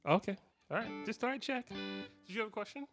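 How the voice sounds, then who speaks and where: A guitarist in his fifties, his voice sitting high and his pace brisk, tells funny stories to a live clinic crowd with music in the background. His casual delivery is animated and jokey, with frequent laughs.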